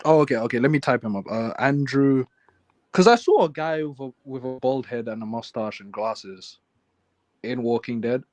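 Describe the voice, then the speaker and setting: A man's voice: medium pitch, expressive, darkish tone, no room sound. A man from England with an English accent, hosting a casual livestream chat and joking with his guest. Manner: joking, teasing, quick laughs. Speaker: livestream host.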